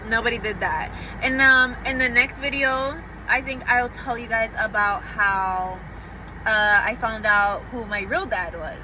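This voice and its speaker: A young woman with a slightly high voice talks straight to her viewers in a blunt, profane storytime style. Traffic and street noise run clearly behind her outdoors. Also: measured pace, sharp tone, poor audio. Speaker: vlogger. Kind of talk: casual storytime vlog.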